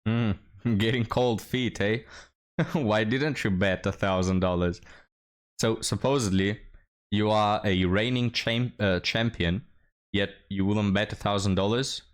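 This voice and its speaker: A man's voice: lowish voice, measured pace. A man hosting a reaction commentary, mocking and scornful, often laughing as he talks. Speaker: commentary host.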